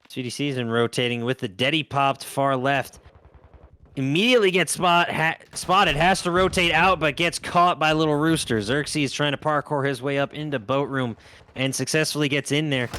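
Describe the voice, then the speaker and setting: A man's voice: medium pitch, sharp tone, a little hiss or hum. A man doing play-by-play commentary on an esports match, jokey and punning, laughing often. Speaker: esports caster.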